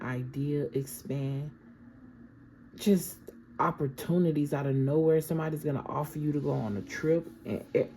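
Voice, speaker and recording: A woman's voice: low voice, warm tone, slight background noise, low-quality recording. A woman giving a casual, affirming tarot reading and often checking in with "okay?". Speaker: tarot reader.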